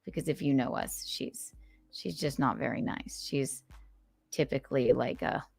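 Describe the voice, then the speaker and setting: A woman's voice: a bass voice, unhurried, creaky, breathy edge, faint music behind. A woman hosting a casual livestream, chatting and playfully reading out viewer donations. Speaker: livestream host.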